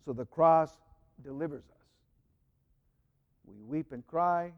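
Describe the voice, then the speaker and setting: Male priest, high voice, slow and reflective homily, reverberant church hall. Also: muffled recording. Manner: slow, reflective, reads prayers aloud with rising emphasis. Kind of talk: homily with scripture reading.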